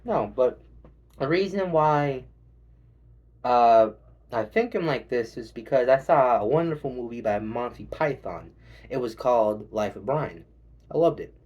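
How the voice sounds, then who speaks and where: A man doing a stand-up set, rambling and swearing and acting out quick voices. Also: medium pitch, lively intonation, darkish tone, muffled recording. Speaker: stand-up comedian.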